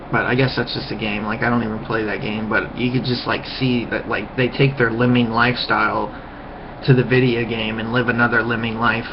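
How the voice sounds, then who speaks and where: A man's voice: medium pitch, flat delivery, fairly quick, background noise. A man in a heated, profane ranting monologue, recorded on a webcam microphone. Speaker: vlogger. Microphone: webcam mic. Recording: muffled lo-fi webcam audio.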